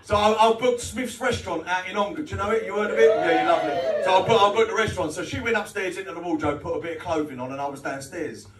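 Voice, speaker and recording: A man's voice: sits high, fast, hardly any pauses. A middle-aged British man doing a live stand-up set, crude and cheeky, often chuckling at his own jokes and bantering with the crowd. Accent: British English. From Britain. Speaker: stand-up comedian. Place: small social club comedy night. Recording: roomy venue audio taken from a distance, with crowd noise. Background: audience laughter.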